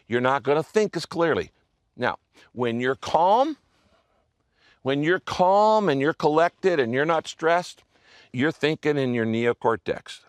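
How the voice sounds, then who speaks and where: A man's voice: medium pitch, clean tone, no room sound. Conversational preacher man, dry sound. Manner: conversational preaching, many asides and checks. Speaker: pastor. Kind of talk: sermon.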